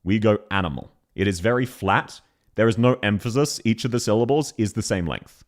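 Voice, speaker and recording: A man's voice: lowish voice, fairly quick. A young man with a Canberra Australian accent, casually chatting on a live stream, laughing and swearing often.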